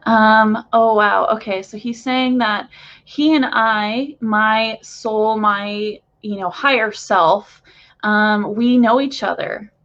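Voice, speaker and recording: A woman speaks from her bedroom as a spiritual channeler, eager and gushing, and leans on fillers as she describes what she senses. Her pace is unhurried. The recording sounds a little muffled and lo-fi. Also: on the high side. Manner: excitable, gushing, many fillers. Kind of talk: casual channeling session for viewers.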